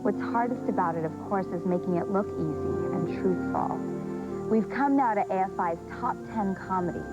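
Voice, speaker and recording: A woman hosts a television special in a poised, scripted read, her voice sitting low. Music plays under her in dull, muffled broadcast audio. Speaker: host. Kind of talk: scripted TV narration.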